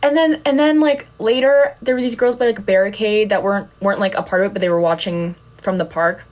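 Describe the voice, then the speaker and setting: A woman's voice: medium pitch, fast talker, a little mellow. A young woman chatting casually on a livestream, telling rambling, giggly, self-deprecating stories. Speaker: content creator on a livestream.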